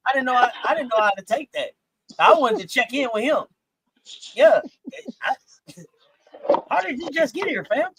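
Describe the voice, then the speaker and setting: A woman hosting a casual sports talk stream, animated and incredulous, repeating herself as she talks. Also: high-pitched, normal speed, long pauses, slightly rough. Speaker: sports talk show host.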